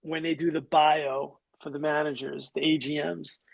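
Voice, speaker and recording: Profane animated storyteller man. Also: a little high, normal speed, creaky, no echo. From New York, USA. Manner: animated, profane, acts out quoted voices. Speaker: guest. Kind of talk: casual storytelling in conversation.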